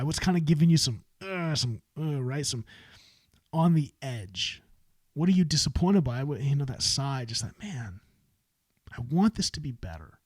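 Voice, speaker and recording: A man's voice: fairly high pitch, dry recording. A middle-aged man hosting a solo podcast, coaching business owners in an earnest, encouraging way and often restarting his phrases. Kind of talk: solo motivational podcast talk.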